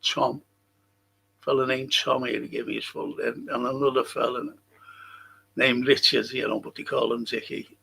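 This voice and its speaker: A man's voice: medium pitch, flat delivery, normal speed, gravelly, pushed and bright, breathy edge. An older man with a Liverpool accent, hosting a live podcast stream, reading viewer comments and telling blunt, sweary, rambling stories. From England. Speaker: podcast host.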